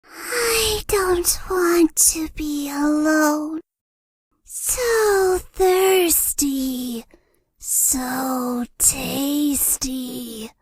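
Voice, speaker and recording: A woman voicing a lonely, eerie ghost girl in a video game, speaking in breathy, drawn-out lines that slip into whispers. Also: high-pitched, dry recording, exaggerated voice. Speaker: voice actress.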